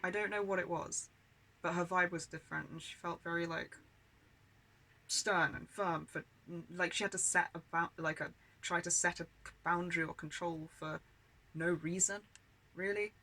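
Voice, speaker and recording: A woman's voice: lowish voice, steady tone, normal speed, bright, forceful tone, low-quality recording. A British woman telling childhood memories in a candid, aggrieved way, full of swearing and filler words. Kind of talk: personal storytelling monologue.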